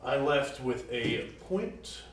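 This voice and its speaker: A man's voice: mid-range voice, sing-song, slow. A man co-hosting a casual chat, with a wry, self-mocking way of talking. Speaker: co-host. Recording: echoey room, distant mic, faint noise.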